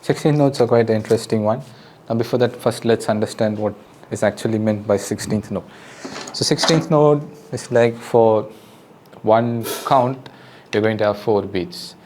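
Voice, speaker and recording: A man's voice: lowish voice, normal speed, background noise. Patient Indian-accented male drum teacher. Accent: Indian English. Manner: patient, counts beats aloud, friendly instructions. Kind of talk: casual spoken lesson. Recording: loud drum music behind the voice. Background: drums and music.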